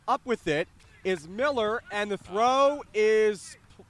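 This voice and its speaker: A young man calling a high school baseball game play-by-play, lively on the big plays and chatty between pitches, outdoors at the field. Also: slow pace. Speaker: play-by-play announcer.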